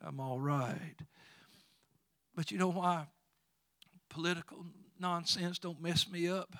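A man preaching a sermon in a fairly high voice, quoting scripture with rising fervor. He breaks into chuckling asides between points. The sound is dry and close. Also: takes it slowly, bright, forceful tone, dry recording. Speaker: pastor.

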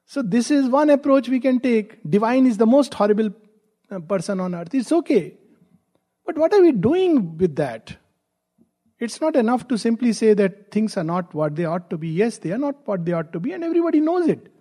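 A man giving a spiritual discourse, reflective and gently humorous, posing rhetorical questions to his listeners. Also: sits high, animated, normal speed. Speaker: spiritual teacher.

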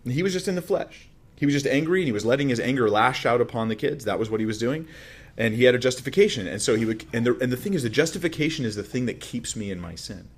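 A man's voice: mid-range voice, lively intonation, fast talker. A man preaching a sermon as a pastor, teaching through a Bible passage in a conversational way with emphatic rises and frequent restarts.

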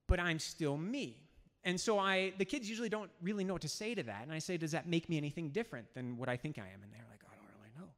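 A man, a high school teacher, telling a humorous personal story on stage and acting out the dialogue. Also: fairly bright tone. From United States. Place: event stage in a hall. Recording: hall reverb.

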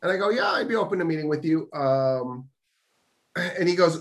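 A man's voice: on the high side, expressive, normal speed, a bit bright. Profane, sarcastic man telling a story. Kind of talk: casual storytelling chat.

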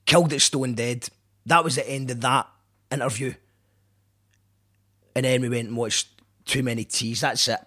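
A man's voice: mid-range voice, normal speed, long pauses, fairly bright tone. A Scottish man hosting a radio show, rambling, joking and apologizing in a casual monologue. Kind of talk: casual self-deprecating monologue.

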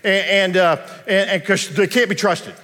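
A man preaches to his congregation, trading casual, joking storytelling for slow, emphatic preaching. His voice rings out with a long reverb through a large church sanctuary. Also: high-pitched, sharp tone. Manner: storytelling, conversational and humorous, slows down to preach. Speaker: pastor. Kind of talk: sermon.

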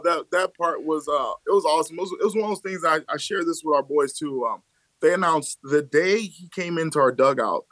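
A man in his thirties from the Chicago area, talking as a podcast guest about his coaching life. He tells stories in an animated, lively way, laughing often and acting out what others said. His voice is recorded dry and close. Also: on the high side, no echo. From Chicago area, USA. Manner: animated storyteller who laughs often and acts out quotes. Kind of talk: casual conversational storytelling.

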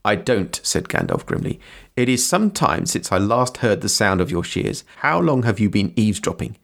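A man's voice: on the low side, sing-song, normal speed, vocal fry, a bit bright, full character voice. A man reading aloud and voicing a grim, commanding old male wizard, curt in his questions. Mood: stern.

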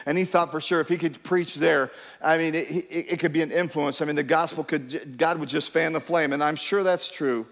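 A middle-aged male pastor preaches in a church sanctuary, where a long reverb trails his voice. He sits a little higher in pitch than most men. His delivery is emphatic, and he keeps urging the listeners to answer him. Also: steady tone, a little fast, few pauses, a bit bright. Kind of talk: sermon.

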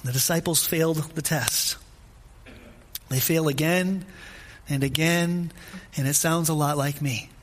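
High-pitched male preacher, easygoing sermon delivery, drives points home by repetition. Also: steady tone, measured pace, long pauses, slight background noise. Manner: informal, asks listeners questions directly; repeats phrases for emphasis. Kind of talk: conversational sermon.

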